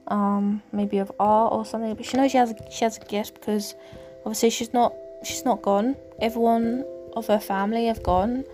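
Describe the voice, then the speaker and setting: A woman hosting a casual faith podcast, talking in a rambling, hesitant way with many pauses and fillers. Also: on the high side. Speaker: podcast host. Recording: music clearly underneath.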